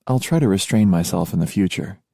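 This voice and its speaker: A man's voice: sits low, lively intonation, a little fast, gravelly, warm tone, no room sound, clean studio sound. A man voicing a spirited young tiger princess in an audiobook, playful and eager. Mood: teasing. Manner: teasing, eager. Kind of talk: audiobook character voice.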